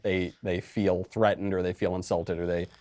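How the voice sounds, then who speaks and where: A man's voice: sits low, flat delivery, normal speed, darkish tone. A man giving political commentary in a wry, lecturing way.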